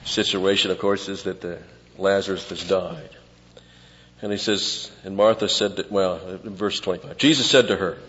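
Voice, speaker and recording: A man's voice: low voice, moderate pace. Pastor guy teaching scripture, casual asides, long church-hall echo, kinda muffled recording. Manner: conversational teaching, drops to quiet asides. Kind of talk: expository sermon.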